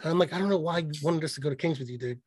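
A man's voice: fairly high pitch, rapid-fire, darkish tone, breathy edge, dry recording. A man co-hosting a podcast, telling a rambling, profane story in casual chat. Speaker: podcast co-host.

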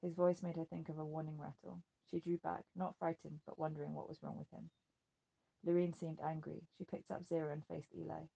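A woman narrating a novel in an even, measured audiobook reading. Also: low-pitched, gravelly, husky, dull audio. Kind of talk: scripted narration.

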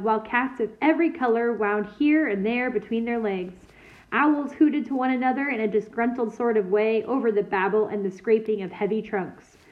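A woman reading a children's novel aloud in a steady, clear storytelling manner. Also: on the high side. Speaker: reader. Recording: tinny phone-like sound.

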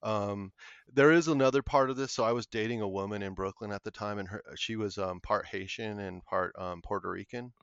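Gravelly low-voiced man telling a story. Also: no room sound. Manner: earnest, halting storyteller. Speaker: podcast guest. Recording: muffled lo-fi audio.

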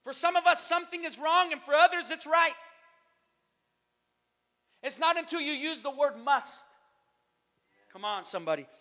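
Male pastor, high bright voice, sermon in a reverberant church. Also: expressive, normal speed, long pauses. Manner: preaching, swings to shouted emphasis, calls out to the church. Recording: long reverb of a hall.

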